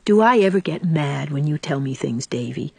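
A woman voicing a gentle, patient young woman who speaks softly and low. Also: animated, normal speed, creaky, breathy edge, no echo, exaggerated voice.

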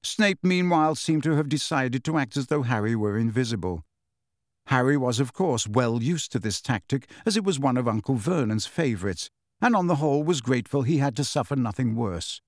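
A man reading a novel aloud in measured, even audiobook narration. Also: medium pitch, no room sound, studio quality.

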